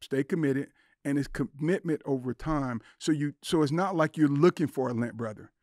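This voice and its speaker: A man's voice: a little high, moderate pace, a little mellow, dry recording, clean studio sound. Earnest older man telling stories. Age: 60s. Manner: earnest storytelling, acts out quoted dialogue. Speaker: podcast guest. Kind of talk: casual podcast conversation.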